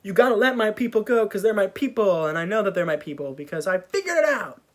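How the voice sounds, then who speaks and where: A man's voice: high-pitched, sing-song, quick pace, voice pushed up. A man voicing an exasperated young male prophet in a casual, slangy way. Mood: pleading.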